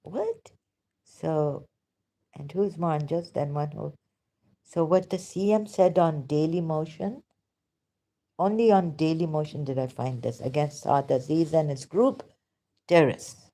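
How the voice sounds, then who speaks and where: A woman speaking in an impassioned, emotional monologue, halting often with pauses and restarts. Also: deep voice, warm tone. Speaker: religious critic vlogger.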